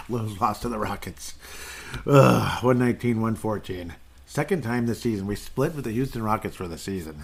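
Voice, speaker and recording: Male podcast host, slightly low voice, casual and sarcastic, rambling stat-heavy recap. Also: brisk, slight background noise. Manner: rambling, sarcastic, laughs often.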